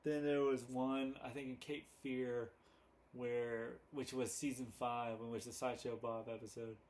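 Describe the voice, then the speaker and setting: A man talks through his favorite old TV moments in a casual, hesitant way, stopping and restarting often. His delivery is slow and unhurried, with a level, flat tone that barely rises or falls. He sounds like an easygoing video commentator thinking aloud. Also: mid-range voice. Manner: halting, hesitant, many fillers and restarts.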